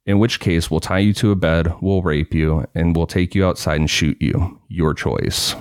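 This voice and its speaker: A cold, dispassionate male kidnapper speaking in a low, even voice, as a man reads his lines aloud. He sounds calm and menacing, and the recording is dry and close. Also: moderate pace, clear, resonant tone, no echo.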